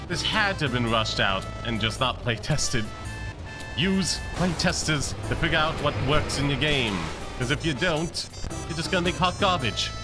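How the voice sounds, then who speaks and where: Male streamer, casual wry play-by-play with rants, game music clearly audible underneath. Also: a little high, lively intonation. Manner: chatty, wry and quick to rant. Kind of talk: casual gameplay commentary.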